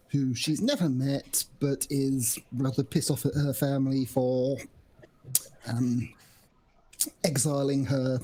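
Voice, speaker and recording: A woman introducing her tabletop character, halting and searching for words. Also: rumbling low, dark tone. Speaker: tabletop game player.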